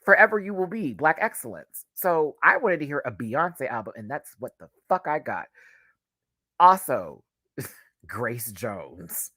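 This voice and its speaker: A man's voice: mid-range voice, sing-song, slow pace, pushed and bright, slightly rough, no room sound. A man giving a casual livestream album review, gushing and emotional, close to tears at times. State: tearful. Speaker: music reviewer.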